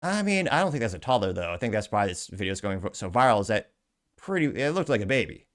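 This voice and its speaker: A man's voice: on the low side, big pitch swings, fast. A man hosting a commentary show, reading out social media comments with dry, sarcastic jokes and self-deprecating asides. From Cuban heritage. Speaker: show host.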